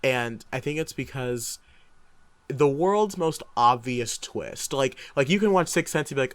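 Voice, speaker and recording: Young man, podcast co-host, casual chat, eager, rambling, mid-pitched voice. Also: a little slow, no echo. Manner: excited, rambling, acts out his own reactions.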